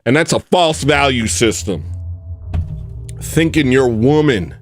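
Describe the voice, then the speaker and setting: A man's voice: mid-range voice, lively intonation, slow pace, faint music behind. Rambling preachy man ranting on a stream. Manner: swings between shouting and muttering. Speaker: livestream host. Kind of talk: ranting monologue.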